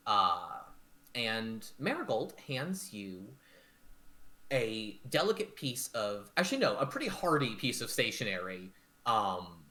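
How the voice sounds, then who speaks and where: Bright-voiced guy game mastering, slow, swoops around, lots of ums. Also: on the low side. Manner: animated, many fillers. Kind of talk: narrating a tabletop game.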